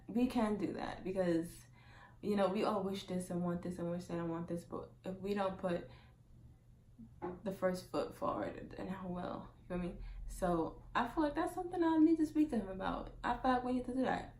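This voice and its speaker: A young woman telling a casual storytime monologue as a vlogger, chatty and full of "like", acting out quotes loudly. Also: medium pitch, moderate pace, roomy sound, a little hiss or hum.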